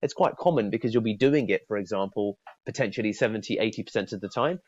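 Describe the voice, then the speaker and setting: A man's voice: on the low side, fast, darkish tone, highs cut off. A man teaching cold-calling technique in a casual spoken lesson. He often repeats words and acts out friendly phone openers in a lifted voice. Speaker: sales trainer. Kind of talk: casual spoken training talk.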